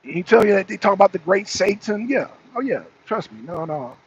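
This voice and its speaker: With a high, expressive voice, this co-host talks briskly and rarely pauses. He argues heatedly on a political talk show, circling back to the same points and mocking those he's answering. The audio is dull, lo-fi stream sound with faint noise.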